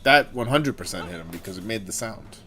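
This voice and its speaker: A young man hosting a gaming livestream, talking casually and telling rambling, animated stories with swearing. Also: on the low side, a little fast, a little hiss or hum. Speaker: streamer host.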